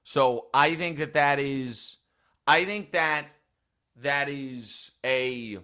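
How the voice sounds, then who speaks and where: A man's voice: medium pitch, very slow, pushed and bright, smooth. A man hosting a sports talk show, giving opinionated commentary in long, thinking-aloud arguments.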